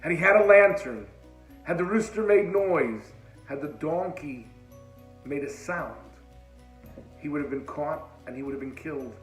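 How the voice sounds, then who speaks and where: A man with a fairly high voice tells an inspirational sermon story, building drama and then sinking to a hush. He weaves Hebrew religious terms into his speech. The sound is roomy, with faint music underneath. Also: lively intonation, unhurried, long pauses. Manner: dramatic, drops to a hushed voice at moving moments. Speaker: religious speaker.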